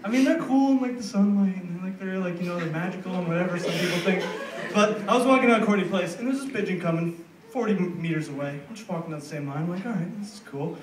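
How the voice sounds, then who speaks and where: A young American man performing a rambling, animated stand-up set, acting out voices in his stories. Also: high voice, quick pace, crowd noise. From United States. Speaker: stand-up comedian. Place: comedy club stage. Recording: roomy, distant live club recording with noise. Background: audience laughter.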